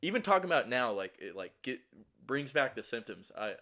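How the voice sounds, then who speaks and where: A man's voice: mid-range voice, very animated, fairly quick, sharp tone. A young man telling a casual story, rambling and profane, with many restarts and fillers, audibly shaky and anxious.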